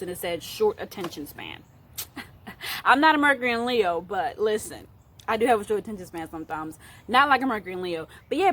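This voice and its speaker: A young woman talks through star signs in a loose, playful way and leans on fillers like "you know" and "like". Her pitch sits in an ordinary middle range, and now and then she slips into a put-on voice for a bit. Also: a bit bright, a little hiss or hum. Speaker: astrology youtuber. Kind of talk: casual astrology talk to camera.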